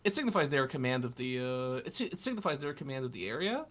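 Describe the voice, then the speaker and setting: A man's voice: mid-range voice, big pitch swings, fast, fairly bright tone. A man playing a tabletop role-playing game, adding scene details while searching for his words. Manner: searching for words, many restarts. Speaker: player.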